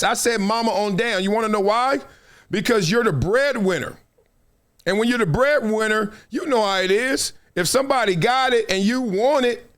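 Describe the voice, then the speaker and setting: Animated high-voiced male storyteller. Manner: animated, acts out quotes in voices; slangy, repeats phrases for effect. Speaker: show host. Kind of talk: casual storytelling monologue.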